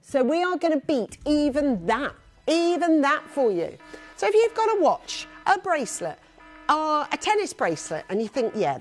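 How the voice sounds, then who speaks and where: A woman's voice: on the high side, darkish tone. A woman presenting a live shopping channel, chatty and upbeat, rattling off prices and buyers' names. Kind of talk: live TV selling.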